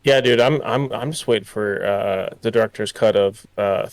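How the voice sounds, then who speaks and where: A man's voice: on the low side, moderate pace. A man co-hosting a podcast, chatting casually and offhandedly about movies. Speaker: podcast co-host.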